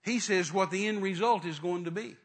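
A man preaching a sermon, retelling a story dramatically with acted-out voices and sudden loud rises. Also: high-pitched, fairly quick, slightly rough.

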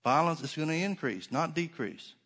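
A male pastor delivering a sermon in a fairly high-pitched voice. He preaches emphatically, working through rhetorical questions and tossing in dry, sarcastic asides. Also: lively intonation, moderate pace, fairly bright tone.

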